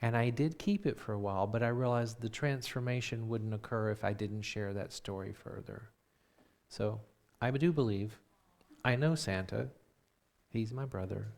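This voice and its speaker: A man who is a minister, telling a personal story in a sermon and acting out the dialogue with lively voices. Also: fairly low pitch, moderate pace, creaky. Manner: turns quiet and reflective when preaching.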